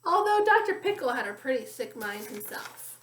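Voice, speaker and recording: A woman reading a children's chapter book aloud in a friendly, expressive storytelling way. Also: high voice, normal speed, roomy sound, a little hiss or hum. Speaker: story reader.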